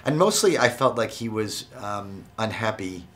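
Guy with a lowish voice chatting about his acting work, laid back and a bit dry-humored. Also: animated, moderate pace, a bit bright, slight background noise. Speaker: actor, interview guest. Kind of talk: casual interview talk.

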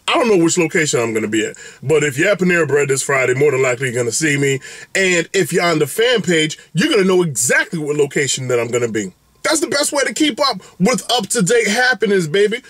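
Casting: upbeat male food vlogger, high voice, dry close sound, playful and animated. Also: no room sound. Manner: exuberant, playful, big swings in pitch and catchphrases. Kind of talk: animated direct-to-camera vlog update.

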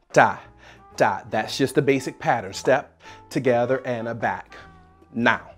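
A husky, mid-pitched dance instructor from South Carolina, calling out counts and scatting the rhythm with lively energy. Faint music plays underneath. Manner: energetic, counts beats aloud and scats rhythms, laughs often.

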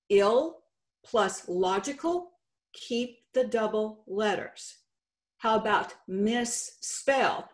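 A woman contest director giving a slow, deliberate instructional talk on spelling rules. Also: medium pitch. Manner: slow, deliberate teacherly explanation. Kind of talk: instructional presentation.

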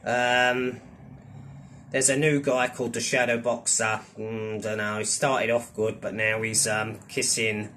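A man's voice: lowish voice, little pitch movement, measured pace, pushed and bright, a little hiss or hum. A man, ranting and rambling in a vlog, swearing often and keeping a conversational, repetitive flow. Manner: profane, rambling, keeps asking "do you know what I mean". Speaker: vlogger. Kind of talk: ranting commentary.

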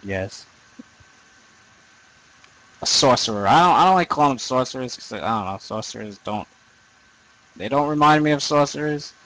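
A young man commenting on his own gameplay in a loose, rambling way, swearing freely and making fun of his own nerdiness. His voice sits at an everyday middle pitch, neither high nor low. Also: fairly bright tone, poor audio. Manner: profane, rambling, self-deprecating. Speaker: gaming commentator. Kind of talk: let's play commentary.

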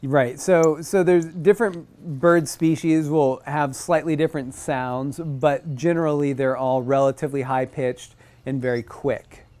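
Man, nature instructor, casual talk, animated, slightly high voice. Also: measured pace, hardly any pauses. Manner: animated, imitates bird chips in a high voice. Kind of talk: casual teaching talk to a group.

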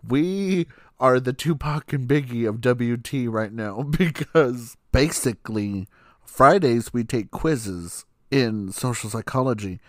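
A man's voice: mid-range voice, no echo, clean studio sound. Sassy, laughing young man telling a story. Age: young adult. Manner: animated, sassy and profane, laughing often. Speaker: podcast host. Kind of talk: casual storytelling.

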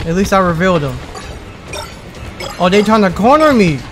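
A man giving excitable commentary on his game playthrough, yelping and pleading as things go wrong. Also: sits high, moderate pace. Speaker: gamer. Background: game music.

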